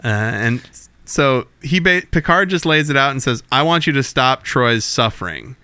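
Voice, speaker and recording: Bright, clear-voiced man recapping casually. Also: mid-range voice, normal speed, no echo. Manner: animated, profane retelling with quoted lines. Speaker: podcast co-host. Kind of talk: casual chat recapping an episode.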